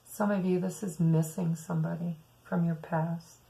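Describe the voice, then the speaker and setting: A woman's voice: fairly low pitch, flat delivery, moderate pace, creaky, mellow, poor audio. A woman giving a weekly tarot reading, musing aloud and speaking to her viewers as "some of you.". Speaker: tarot reader.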